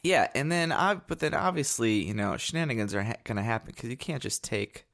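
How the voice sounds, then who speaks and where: Male co-host, mid pitch, casual, rambling and hesitant. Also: animated, fairly quick, gravelly, a bit bright. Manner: rambling, hesitant, many fillers. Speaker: podcast co-host. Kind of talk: casual chat.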